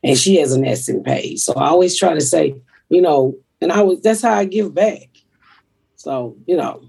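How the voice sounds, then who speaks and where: Husky, blunt woman host. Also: low voice, moderate pace, dark tone. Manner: blunt, profane, rambling. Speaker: comedian podcast host. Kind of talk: casual podcast chat.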